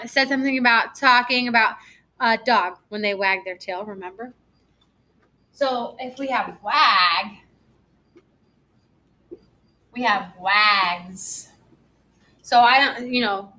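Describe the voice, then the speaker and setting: A young woman teacher giving a recorded reading lesson to first graders, slow and encouraging, stretching words out for small children. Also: on the high side, sharp tone, rough recording.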